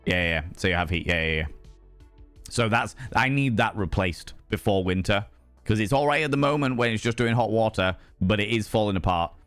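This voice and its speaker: A young man with a British accent rambles to his stream chat, animated and a little sweary. His voice sits on the low side, with faint music playing in the background. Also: fairly quick, smooth, dry recording. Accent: British English. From United Kingdom. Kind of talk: casual chat with chat while gaming.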